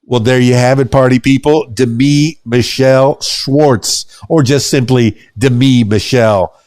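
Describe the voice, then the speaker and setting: A man hosts a podcast and signs off with lively, playful emphasis. His voice sits in a middle pitch. The recording is close and dry, with no room sound. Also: moderate pace, no echo. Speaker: podcast host. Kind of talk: upbeat podcast sign-off.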